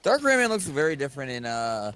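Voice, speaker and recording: A young man co-commentating a let's play, asking questions and reacting with quick exclamations. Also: medium pitch, very animated, fairly bright tone, slight background noise. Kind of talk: casual gameplay commentary. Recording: faint game music behind.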